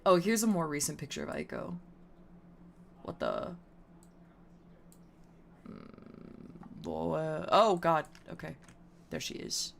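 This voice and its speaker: A woman's voice: deep voice, wildly swooping pitch, slow, gravelly, long pauses, slight background noise. A woman streamer chatting casually on a live stream, swearing freely in a playful, teasing way. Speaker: VTuber streamer.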